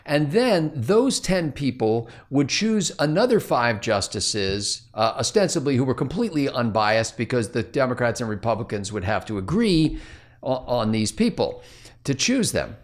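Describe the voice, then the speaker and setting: A man's voice: medium pitch, sing-song, moderate pace. A man co-hosting a casual planning meeting, telling stories in a wry, rambling way. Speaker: co-host.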